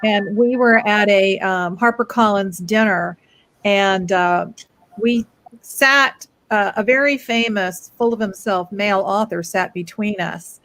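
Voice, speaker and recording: A woman co-hosting a casual video chat, telling a dry anecdote with many pauses. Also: medium pitch, fairly bright tone, dry recording. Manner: dry, anecdotal, hesitant fillers. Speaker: co-host.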